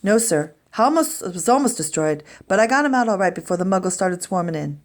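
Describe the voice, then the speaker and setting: A woman reading as a softhearted giant. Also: mid-range voice, big pitch swings, brisk, close to an everyday voice. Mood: earnest. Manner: tearful, choked-up sobbing speech. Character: huge wild-haired gentle giant man, softhearted.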